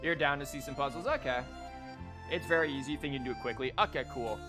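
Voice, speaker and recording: A man's voice: mid-range voice, quick pace, over music. A male streamer chatting casually on a livestream, rambling and stammering as he plays a card game and talks to chat.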